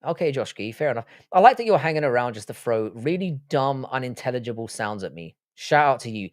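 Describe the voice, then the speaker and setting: A man's voice: medium pitch, sing-song, brisk, no room sound, clean studio sound. A man from Ireland with a British accent, hosting a livestream and chatting casually and bluntly as he reads out viewer comments, swearing freely. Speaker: livestream host.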